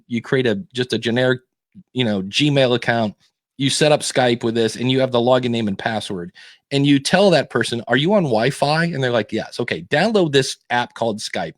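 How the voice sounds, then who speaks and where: A man's voice: medium pitch, dry recording, clean studio sound. Laid-back man explaining things. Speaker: podcast guest. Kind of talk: casual podcast chat.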